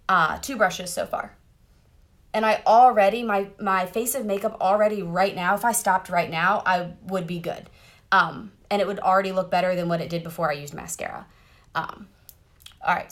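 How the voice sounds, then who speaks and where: Bubbly woman chatting through makeup. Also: medium pitch. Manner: chatty, bubbly, talks straight to viewers. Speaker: makeup seller doing a live demo. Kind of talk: casual live-stream makeup tutorial. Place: parked car.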